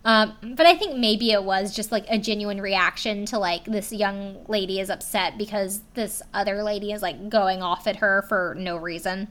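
A young woman recaps a video, telling the story in a loose, chatty way with a bright, forward voice. She speaks at normal speed in a mid-range voice with few pauses, leaning on "like" between phrases and swearing casually.

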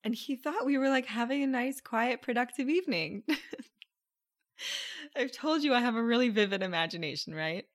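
A young woman hosts a podcast and coaches her listeners through a relaxed, conversational monologue. She laughs easily and keeps checking in with rhetorical questions. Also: fairly high pitch, normal speed. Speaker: podcast host and relationship coach.

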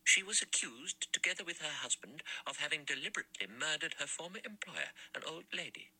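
A man's voice: a little high, expressive, brisk, sharp tone, slightly rough, voice pushed up, heavily acted, low-quality recording. A man reading an audiobook, voicing a stern, pious elderly spinster who speaks hard and tight-lipped, dropping to a whisper. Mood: severe.

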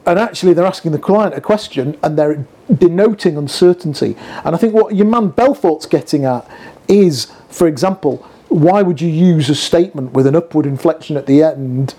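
A man with a husky, somewhat raised voice talks through sales technique in a relaxed back-and-forth. His tone is mellow and dark rather than bright. He often slips into mock sales-call lines mid-sentence. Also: a little high. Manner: chatty, quick asides, acts out sales calls. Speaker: podcast co-host. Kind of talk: casual chat about sales.

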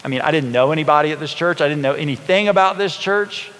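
Pastor in a reverberant church hall. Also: male voice, a little high, quick pace, fairly bright tone. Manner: conversational, folksy, asks the congregation questions. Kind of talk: storytelling sermon.

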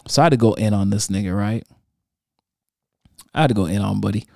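A man's voice: on the low side, brisk, vocal fry, long pauses, dry recording, studio quality. A young man hosting a casual solo podcast, animatedly recounting an online argument and reading out comments in slang. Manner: animated storytelling, reading out social media comments with slang and laughs. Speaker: podcast host.

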